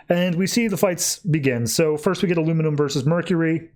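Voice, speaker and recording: A man with a fairly high but darkish voice hosts a podcast, running through a comic book issue in an easygoing, chatty way with quick bursts and lots of fillers.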